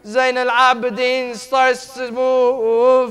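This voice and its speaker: A male preacher reciting a mourning sermon in a slow, lamenting delivery. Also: very high voice, level tone, fairly bright tone, clear, resonant tone.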